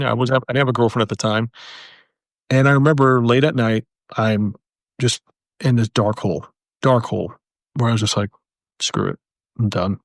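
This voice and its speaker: A male military veteran earnestly shares his personal story, halting and repeating phrases for emphasis and dropping to a soft voice in the heavy moments. His pitch is medium, and the recording is dry and clean, studio-grade.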